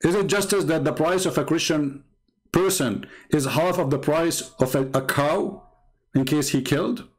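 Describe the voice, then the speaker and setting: Mocking, combative man with a highish voice. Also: moderate pace. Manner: mocking, combative, repetitive, laughs at own jokes. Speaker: online religious debater. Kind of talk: monologue on a live stream.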